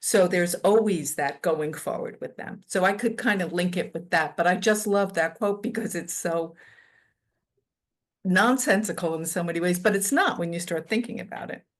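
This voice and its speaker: Female guest from New York, lowish voice, muses aloud in a chatty way. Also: normal speed. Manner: reflective, chatty, thinks aloud. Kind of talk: casual radio interview.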